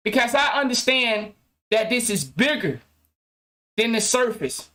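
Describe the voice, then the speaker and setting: A man's voice: very high voice, sing-song, a little slow, long pauses, bright, forceful tone. A man hosting his own podcast, ranting casually to viewers with loose slang, heavy cursing and frequent restarts. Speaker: podcast host.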